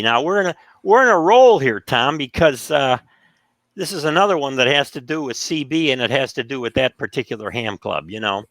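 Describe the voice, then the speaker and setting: Animated male storyteller, dry sound. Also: medium pitch, normal speed, no room sound. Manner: animated, acts out quoted voices. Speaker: podcast co-host telling stories. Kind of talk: casual storytelling.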